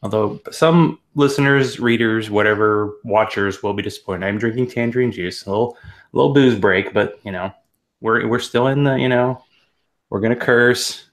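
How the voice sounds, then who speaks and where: A man's voice: fairly low pitch, normal speed. A man hosting an interview podcast, delivering a playful, exaggerated intro and joking with his guest. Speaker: podcast host.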